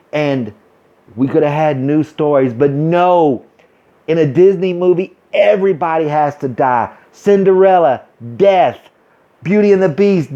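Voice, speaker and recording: A man with a high yet dark, mellow voice rants to camera, dripping sarcasm and overplaying his fake delight. The sound is dull and lo-fi. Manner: heavy sarcasm, mock excitement, exaggerated. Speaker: vlogger. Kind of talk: sarcastic rant.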